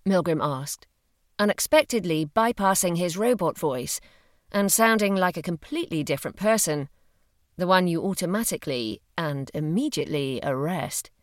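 A woman reads a novel aloud with lively, varied intonation and a slightly low voice. The sound is dry and close, with no room around it. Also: normal speed, dry recording. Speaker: audiobook narrator. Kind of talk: scripted narration of a novel.

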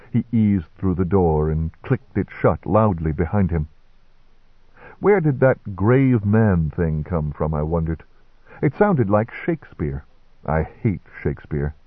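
Low-voiced man reading an audiobook. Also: lively intonation, unhurried, husky, no room sound. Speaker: audiobook narrator. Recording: dry, tinny narrow-band recording.

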